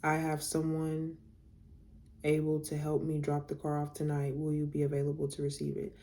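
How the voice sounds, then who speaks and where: A woman's voice: sits low, completely flat delivery, moderate pace, warm tone. A young woman casually telling a storytime to her viewers, reading out text messages, candid and blunt, swearing freely.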